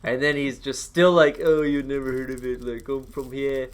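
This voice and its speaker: A man's voice: mid-range voice, little pitch movement, normal speed. Profane joking young man. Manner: profane, joking, laughs often. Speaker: podcast co-host. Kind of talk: casual chat.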